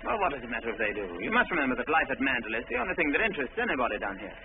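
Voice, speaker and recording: An actor playing a brisk, breezy upper-class husband in a 1940s film drama, teasing and quick to scold. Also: male voice, medium pitch, big pitch swings, noisy background. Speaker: husband and master of the house. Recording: tinny old film soundtrack under music.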